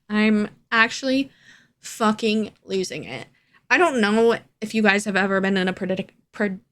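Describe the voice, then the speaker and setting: A woman's voice: medium pitch, a bit bright, clear, resonant tone. A young adult woman telling a personal story in a casual vlog, candid and sweary, laughing as she vents. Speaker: vlogger.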